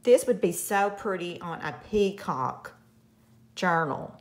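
A woman's voice: lowish voice, lively intonation, slow. A woman hosting a craft channel, gushing over a parcel in a casual unboxing chat with frequent gasps.

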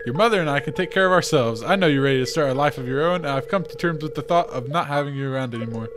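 A man voicing a protective middle-aged scientist father, reading game dialogue aloud in a measured, fatherly manner. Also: on the high side, noisy background, natural voice.

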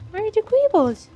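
Woman let's play host, high and very unhurried, giggly and cooing over the game. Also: warm tone, slight background noise. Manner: cooing, giggly, easily delighted. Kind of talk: casual gameplay commentary.

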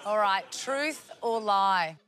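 A man's voice: high-pitched, expressive, slow, some chatter behind. A man hosting a comedy panel show, teasing the panelists in a dry manner. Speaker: host. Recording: noisy studio with loud audience.

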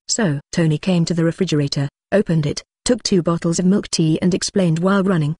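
A text-to-speech audiobook narrator reading a translated web novel in an even, unexpressive way that reads punctuation aloud. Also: mid-range voice, brisk, few pauses, husky, no echo, clean studio sound.

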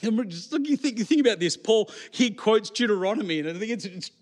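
A man's voice: sits high, lively intonation, quick pace, a little mellow. A man preaching a sermon in church, conversational and full of rhetorical questions to the congregation. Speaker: pastor.

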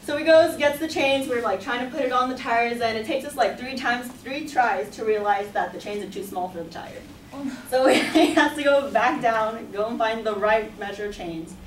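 Young woman rambling through a story in class, bit high voice, sounds far off in an echoey room. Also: moderate pace, a little hiss or hum. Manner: chatty, animated, full of "like" and laughs. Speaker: student storyteller. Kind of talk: personal story told to a class.

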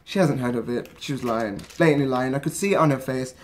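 A man's voice: mid-range voice, fast talker. A young man from England, chatting casually and rambling in a travel vlog. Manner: chatty, rambling, lots of fillers. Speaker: vlogger.

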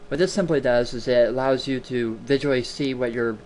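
With a medium-pitched, a little mellow voice and fairly even intonation, a man briskly hosts an informal screen-recording tutorial from his home computer. He rambles and chats, repeating words for emphasis into a desktop mic, with a little hiss or hum.

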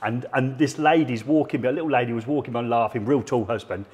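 Husky man hosting a live stream. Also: medium pitch, a little fast, a little mellow, highs cut off. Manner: jokey, chatty presenter banter. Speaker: host.

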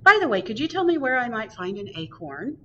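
A woman's voice: on the high side, big pitch swings, fairly quick, pushed and bright, distant mic, dull audio, a little hiss or hum, voice pushed up. Earl, a woman doing a polite young squirrel. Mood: eager. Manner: polite, eager.

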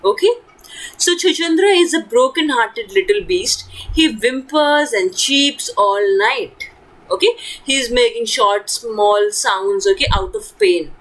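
A woman's voice: on the high side, takes it slowly, a bit bright, rough recording. A woman teacher explaining a story to children in simple words, often asking questions and checking with "okay".

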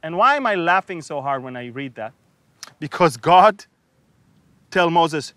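Male bible teacher, bright animated delivery, unhurried, joking sermon style, dry close sound. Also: fairly high pitch, no room sound. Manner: humorous, acts out biblical figures with sarcasm and laughter.

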